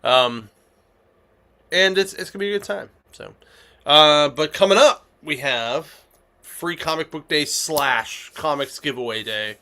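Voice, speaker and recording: A man's voice: on the high side, unhurried, sharp tone. A man hosting a casual comic shop podcast, rambling with lots of fillers and restarts. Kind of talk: casual chat.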